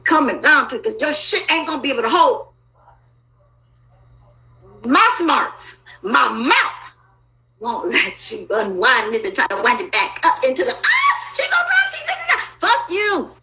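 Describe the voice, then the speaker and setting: A woman in an emotional personal monologue, talking in an agitated, profane and rambling way with sudden loud outbursts. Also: fairly high pitch, lively intonation, a little slow, pauses often, poor audio.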